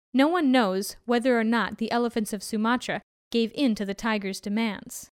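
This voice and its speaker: Woman storyteller, higher voice, clean dry read. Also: smooth, no echo. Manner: gentle, measured narration.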